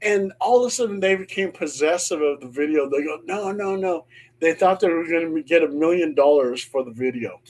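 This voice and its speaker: A man's voice: a little high, lively intonation, fairly quick, hardly any pauses, darkish tone, slight background noise. A middle-aged man, a paranormal investigator, telling a ghost story on a panel show and acting out the voices he quotes.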